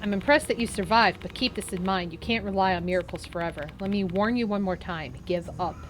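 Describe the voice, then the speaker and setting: A woman's voice: mid-range voice, brisk, a little hiss or hum, close to an everyday voice, rough recording. A woman reading an aloof spirit-seeing boy. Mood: grave warning. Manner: calm, grave and formal warnings. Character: aloof teenage boy who sees spirits. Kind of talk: reading game dialogue aloud.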